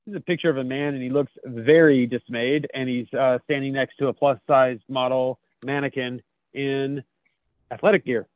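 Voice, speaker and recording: A man's voice: mid-range voice, fairly even intonation, moderate pace, no room sound. A man co-hosting a podcast, chuckling as he reads out memes in a casual, jokey chat. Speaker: podcast co-host. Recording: tinny phone-like line, dry.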